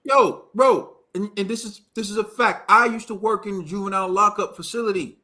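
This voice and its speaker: A man's voice: high voice, a little fast, pushed and bright. A man hosting a boxing talk show, ranting emphatically with slang and lots of repetition. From United States. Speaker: boxing podcast host. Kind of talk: heated casual commentary.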